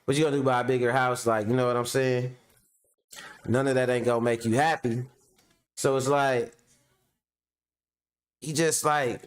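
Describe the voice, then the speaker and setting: A man's voice: medium pitch, normal speed, long pauses. A man in the middle of his range who talks bluntly and swears freely. He reacts to clips in casual commentary, throws rhetorical questions and speaks straight to his audience. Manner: addresses viewers directly. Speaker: commentary host.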